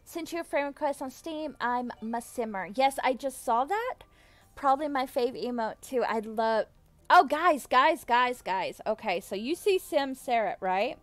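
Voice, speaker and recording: Young woman, giggly, chatty streamer, slightly high voice. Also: normal speed, dry recording. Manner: bubbly, giggly, effusive thanks. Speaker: livestreamer. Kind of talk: casual live-stream chat with viewers.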